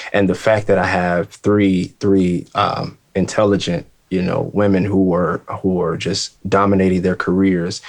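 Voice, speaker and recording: A man with a very low, deep voice hosts a sit-down discussion. He talks earnestly and haltingly, restarting his sentences as he goes. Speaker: host. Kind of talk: casual discussion.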